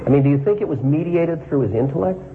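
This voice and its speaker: A man's voice: fairly high pitch, expressive, fast. Man teaching over a thin phone line. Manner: reflective, asks questions to the listeners. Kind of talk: story reading then reflective talk. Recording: phone-like line with faint noise.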